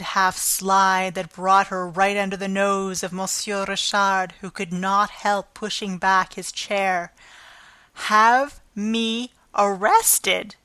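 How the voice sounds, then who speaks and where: A woman narrating a classic novel as an audiobook, with a measured, expressive reading. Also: medium pitch, smooth, no room sound.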